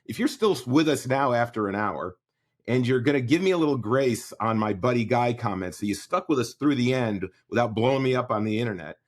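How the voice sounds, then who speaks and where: A man's voice: mid-range voice, lively intonation, a little fast. A man hosting a casual interview podcast, thanking his guest in an appreciative, easygoing way. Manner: warm, appreciative wrap-up. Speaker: podcast host.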